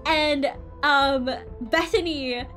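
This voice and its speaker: A woman with a high voice tells a casual story in a rambling way. She swears freely and fills her talk with fillers and self-corrections. Faint music plays softly behind her. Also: drawn-out words. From Philippines. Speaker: VTuber streamer.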